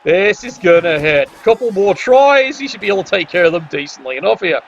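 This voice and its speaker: A man's voice: sits high, very animated, a little fast, vocal fry. A man doing wry, sarcastic play-by-play commentary on a tabletop sports video game. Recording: dull lo-fi audio.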